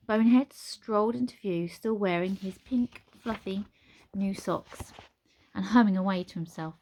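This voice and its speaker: Woman narrator for a storybook reading, measured and expressive. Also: medium pitch.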